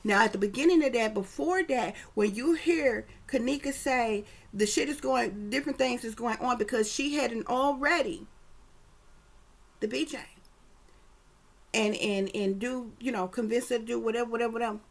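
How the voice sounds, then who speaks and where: Woman psychic reader, slightly high-pitched, emphatic and profane, loose conversational delivery. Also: moderate pace. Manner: emphatic, profane, keeps checking in with listeners. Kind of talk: casual psychic reading commentary.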